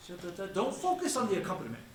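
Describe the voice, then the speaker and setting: High-voiced man coaching in an echoey room. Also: wildly swooping pitch, rapid-fire. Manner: sings melody lines in nonsense syllables; gentle, encouraging, asks many questions. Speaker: conducting clinician. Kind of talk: coaching a student conductor in rehearsal. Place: rehearsal room with a band. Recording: echoey rehearsal room, distant mic, band noise.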